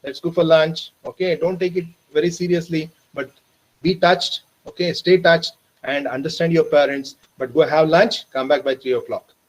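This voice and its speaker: A man with an Indian English accent training teachers, telling a story earnestly and calling listeners "my dear friends", dropping softer for tender moments. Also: a little high, fairly even intonation, low-quality recording. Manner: slows and softens for emotional moments. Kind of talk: storytelling lecture. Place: online training session.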